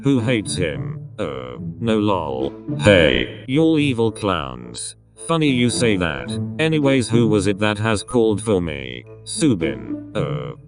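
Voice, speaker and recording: A man casually reading out a fan-made group text chat in a deadpan way. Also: lowish voice, slow pace, hardly any pauses. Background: background music.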